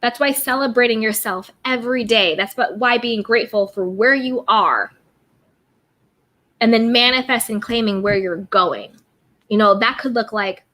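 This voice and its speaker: A woman hosts a casual self-care livestream, greeting viewers from the chat and repeating upbeat affirmations. Her fairly high voice sounds pushed and bright, moving at a normal speed.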